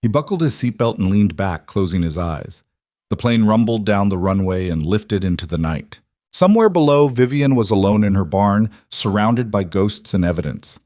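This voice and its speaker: A male narrator reads a dramatic story in a steady, even manner. His voice sits on the low side and is recorded dry and close, with no room sound. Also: moderate pace, no room sound.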